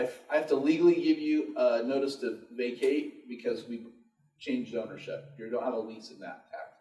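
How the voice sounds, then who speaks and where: A man's voice: mid-range voice, a little mellow. A man teaching landlords at a live workshop, casually telling stories and acting out the dialogue. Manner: casual storytelling, acts out dialogue. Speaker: real estate investor teaching a workshop. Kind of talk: live workshop talk to an audience. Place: room with an audience. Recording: echoey room recorded from far off.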